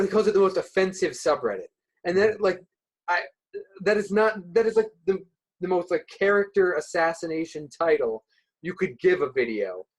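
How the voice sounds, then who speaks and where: Lively-voiced young man rambling in a podcast. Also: sits high, slightly rough, poor audio. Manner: hesitant, heavy with "like" and "uh", restarting sentences. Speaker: podcast guest, subreddit moderator. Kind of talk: casual podcast chat.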